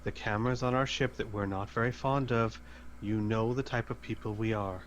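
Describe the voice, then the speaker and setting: Man, player, calm even reasoning, faint hiss. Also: lowish voice, moderate pace. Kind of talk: in-character tabletop play.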